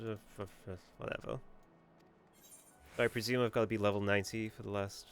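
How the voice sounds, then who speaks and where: A man's voice: lowish voice, level tone, fairly quick, long pauses. A young man chatting sarcastically while streaming a game, with faint music behind. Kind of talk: casual gaming commentary.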